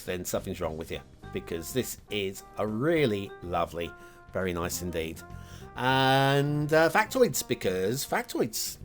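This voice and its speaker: A man hosts a map review show and talks casually over gameplay, his pitch swinging up and down as he wanders from point to point. He is chatty, with frequent fillers and self-deprecating asides. Faint music sits in the background. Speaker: show host reviewing game maps.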